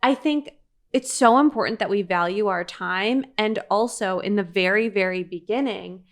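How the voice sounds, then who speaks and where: A woman's voice: mid-range voice, normal speed. A woman co-hosting a podcast, giving encouraging coaching advice in casual chat. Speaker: podcast co-host, life coach.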